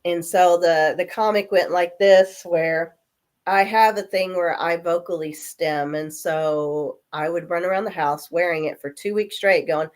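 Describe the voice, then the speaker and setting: A woman in her forties, coming down with a cold, telling animated stories in a casual chat and acting out the voices of people in them. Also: lowish voice, measured pace. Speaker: guest. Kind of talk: casual storytelling.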